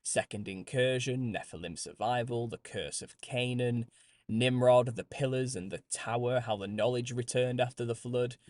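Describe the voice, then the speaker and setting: A man's voice: mid-range voice, normal speed, a little mellow, dry recording. A British man hosting a live stream, chatting casually with listeners, laughing often and restarting phrases as he goes. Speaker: host.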